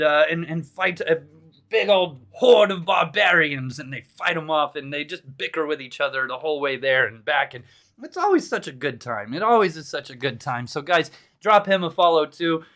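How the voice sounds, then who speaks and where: A man's voice: on the high side, normal speed, a bit bright. A man hosting a live stream, chatting in a casual, upbeat and jokey way as he greets viewers by name.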